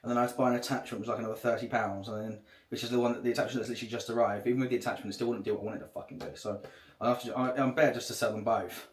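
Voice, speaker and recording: A man's voice: medium pitch, little pitch movement, very fast. A man chatting casually on a livestream, rambling and swearing a lot. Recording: echoey room.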